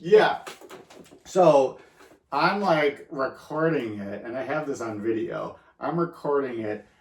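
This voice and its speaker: A man's voice: mid-range voice, expressive, distant mic. A man co-hosting a podcast, chatting casually and easygoing, often agreeing and telling funny family stories. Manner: easygoing, lots of quick agreeing. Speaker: podcast co-host. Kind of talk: casual chat. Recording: roomy, off-mic sound.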